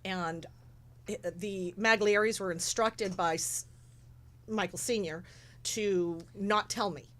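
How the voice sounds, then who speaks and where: A woman's voice: medium pitch, fairly even intonation, slow pace, a bit bright. A woman guest in casual chat who organizes charity shows, talking in a rambling, emotional way and acting out what others said. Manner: rambling, emotional, acts out quotes.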